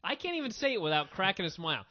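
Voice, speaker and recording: Man, high lively voice, opinionated podcast host, dull lo-fi sound. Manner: animated, opinionated, quick asides. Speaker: wrestling review podcast host. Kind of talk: casual review chat. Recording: dull lo-fi audio.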